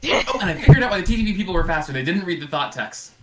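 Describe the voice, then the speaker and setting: Mid-pitched, animated speaker, brisk and organizing in casual chat with friends. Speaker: editor of the group dub.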